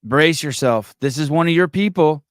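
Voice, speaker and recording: A man's voice: a little high, normal speed, smooth, dry recording, studio quality. A middle-aged man hosting a live call-in podcast, brash, mocking and profane in casual chat. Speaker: podcast host.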